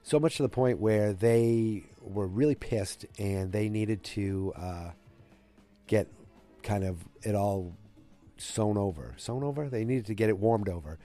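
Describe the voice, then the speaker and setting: Low-voiced guy doing a loose rambly recap, lots of ums and restarts. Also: measured pace, mellow, soft background music. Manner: rambling, loose, full of fillers and self-corrections. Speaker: show recap host. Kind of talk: casual episode recap.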